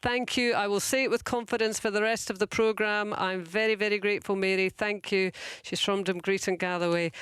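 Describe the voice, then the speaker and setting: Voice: mid-range voice, fairly bright tone, clean tone, no echo. A radio phone-in host in a chatty, polite, self-deprecating manner, speaking on a studio microphone. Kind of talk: casual radio chat.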